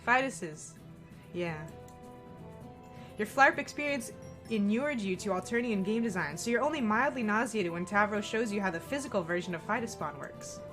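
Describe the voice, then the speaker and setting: A woman reading a visual novel's second-person narration aloud in an expressive, playful way. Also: mid-range voice, normal speed, over music.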